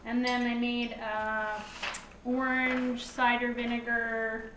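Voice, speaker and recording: A woman guest names her ingredients one by one, pausing as she goes. Her voice is fairly high and comes from a distance. The kitchen around her echoes, with a faint background hum. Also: flat delivery. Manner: lists ingredients haltingly. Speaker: guest cook. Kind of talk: casual chat.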